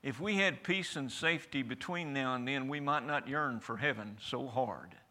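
Preacher guy, kinda high bright voice, folksy and punchy, keeps asking amen?. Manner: folksy, emphatic, asks the congregation for amens. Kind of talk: sermon. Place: church.

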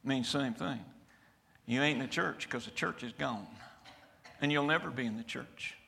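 A man preaching a fiery sermon, swinging from loud shouted climaxes to quiet, low passages. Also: normal speed, vocal fry. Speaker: pastor. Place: church sanctuary.

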